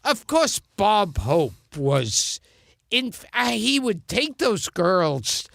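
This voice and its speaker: Gravelly, stammering comic storyteller man. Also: high voice, big pitch swings, drawn-out words, a bit bright, no room sound, studio quality. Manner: stammering restarts, anecdotes with acted quotes. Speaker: comedian guest.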